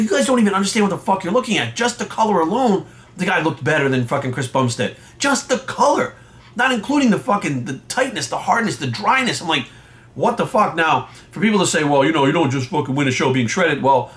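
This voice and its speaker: A man's voice: high-pitched, sing-song, a little fast, fairly bright tone. A man who coaches and judges bodybuilding, delivering a heated, profane, confrontational rant to his viewers. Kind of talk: profane ranting vlog monologue.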